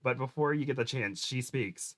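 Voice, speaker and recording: A man hosting a comedy podcast, reading fan fiction aloud with stumbles, giggles and quick shifts into character voices. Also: medium pitch, a bit bright.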